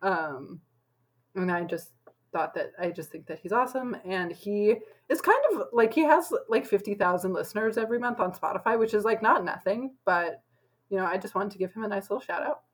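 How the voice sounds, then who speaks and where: امرأة شابة تدردش بعفوية مع حشو كثير. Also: female voice, mid-range voice, animated, a little fast, poor audio. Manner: chatty, lots of "like" fillers. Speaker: podcast co-host. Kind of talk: casual chat.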